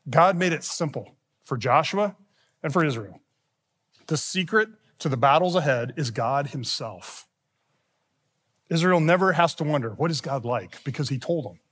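A fairly high-pitched male pastor delivers a sermon in a church sanctuary, where the long reverb of the hall trails behind his words. He quotes scripture with rising emphasis, then drops low and quiet to press the point home. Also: lively intonation, normal speed, slightly rough.

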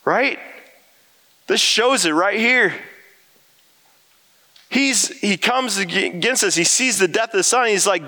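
A man preaching a sermon to his congregation, earnest and emphatic, climbing high when he voices prayers. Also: slow pace, long pauses, pushed and bright. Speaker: pastor.

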